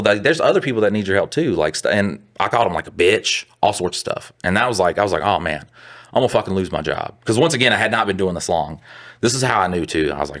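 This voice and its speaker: Deep-voiced man telling profane stories. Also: a little fast, fairly bright tone. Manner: profane, rambling anecdotes. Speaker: podcast co-host. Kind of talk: casual storytelling.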